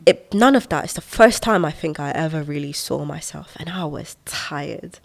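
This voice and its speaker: A young woman in her twenties, a podcast guest who talks in an expressive, animated way and laughs often while reflecting on her life. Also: deep voice, moderate pace, gravelly. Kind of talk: reflective conversational storytelling.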